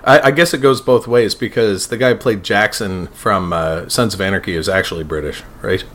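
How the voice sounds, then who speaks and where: A man's voice: fairly low pitch, normal speed, fairly bright tone, a little hiss or hum. A man co-hosting a podcast in casual chat, rambling, swearing and laughing often. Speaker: podcast co-host.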